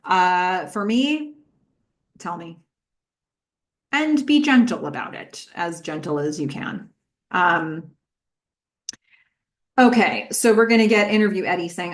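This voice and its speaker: A woman's voice: fairly low pitch, animated, slow, long pauses. A woman hosting a podcast, giving a chatty recap of a TV episode with many fillers and questions for her listeners. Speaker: podcast host.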